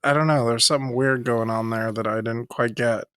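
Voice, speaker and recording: A man's voice: medium pitch, steady tone, fairly quick, fairly bright tone, clear, resonant tone, no room sound. A man co-hosting a movie podcast, hesitant and full of fillers. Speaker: podcast co-host. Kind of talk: casual chat.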